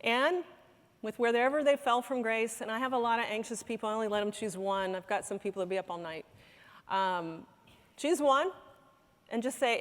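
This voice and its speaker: A woman's voice: a little high, normal speed. A woman giving a conference talk, telling a story in an earnest way and acting out the quoted dialogue. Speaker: conference speaker. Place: conference hall. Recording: hall reverb.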